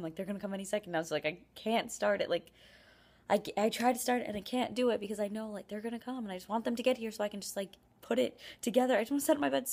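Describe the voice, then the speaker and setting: A woman's voice: fairly high pitch, creaky, darkish tone. A young woman, a college student, chatting casually to camera in her apartment, rambling with lots of "like" and self-mocking complaints. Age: young adult. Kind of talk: casual vlog chat. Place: apartment, indoors.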